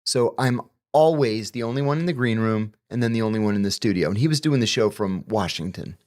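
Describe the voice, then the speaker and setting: A man, a former intelligence officer appearing as a guest, telling anecdotes in a measured, explanatory way. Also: on the low side, darkish tone. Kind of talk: conversational interview anecdotes.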